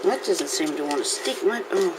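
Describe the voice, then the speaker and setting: A woman's voice: on the low side, expressive, moderate pace. A woman hosting a casual crafting tutorial, chatting to her viewers and talking to herself as she works. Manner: chatty, talks to herself while working. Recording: noisy home recording.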